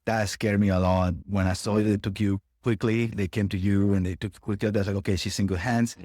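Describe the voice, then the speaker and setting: Man, casual chat, earnest, halting, low voice. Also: fairly even intonation, darkish tone, no echo, clean studio sound. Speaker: podcast co-host. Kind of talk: casual conversation.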